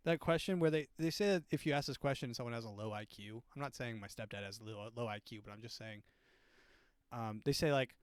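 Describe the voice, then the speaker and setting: A man's voice: medium pitch, brisk, clear, resonant tone. A young male comedy podcast host with a sardonic, rambling delivery that keeps circling back and restarting. His voice sits in an ordinary middle register. The sound is close and dry, with no room echo. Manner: rambling, full of filler words and restarts, sardonic.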